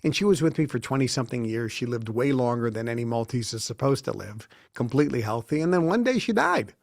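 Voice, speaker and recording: This studio interview guest, a man in his sixties, tells lengthy stories and performs the lines people said in them. He talks quickly in a mid-range, animated voice with a creaky edge, and there's no room sound.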